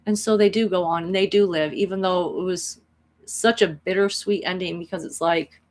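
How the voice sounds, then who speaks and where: A woman casually retelling an anime plot as a spiritual vlogger, animated and rambling with restarts. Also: lowish voice, normal speed.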